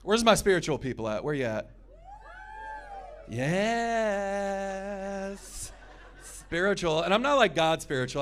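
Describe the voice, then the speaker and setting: A man's voice: a little high, animated, unhurried, long pauses. A young man doing a stand-up comedy set, sarcastic, crude and full of profanity, performing at a comedy show in a gym.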